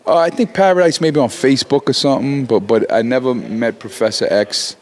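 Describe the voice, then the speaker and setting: A man's voice: medium pitch, fairly quick. A man in his forties, a rapper talking as an interview guest, swearing freely and restarting his sentences as he gets worked up. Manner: animated, swearing, many restarts. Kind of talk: profane casual interview talk.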